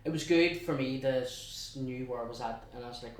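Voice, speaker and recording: A young man with a Belfast accent telling his story as an interview guest, chatty and halting, with many restarts. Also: mid-range voice. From West Belfast, Northern Ireland. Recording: echoey room, heard from a distance.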